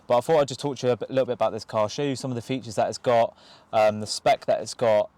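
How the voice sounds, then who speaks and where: A young man talks quickly and excitedly, tumbling through casual slang as he shows off a car. He sits inside the car, speaking to a camera that someone else holds. His pitch sits in a middling range. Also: dry recording. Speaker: car vlogger. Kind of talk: excited car review vlog. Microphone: camera held by someone else.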